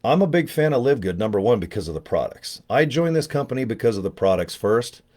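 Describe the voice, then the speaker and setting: A man's voice: medium pitch, sing-song, fairly quick, darkish tone. An older man talking in a casual, rambling vlog, joking and chatty with a self-deprecating streak. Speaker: network marketing promoter.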